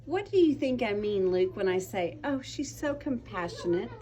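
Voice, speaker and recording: A woman's voice: mid-range voice, sing-song, normal speed, a crowd in the background. A young woman teaching a class of children, patient and encouraging, calling on pupils by name. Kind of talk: classroom vocabulary lesson.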